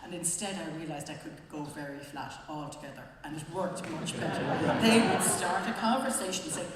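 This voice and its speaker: A woman's voice: sits low, brisk, few pauses, over a noisy crowd. Irish woman speaking in an echoey hall. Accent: Wexford Irish. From Wexford, Ireland. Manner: conversational and wry, with frequent hesitations. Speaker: panel speaker presenting a book. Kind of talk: public talk. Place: library event hall. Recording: very echoey hall, faint noise.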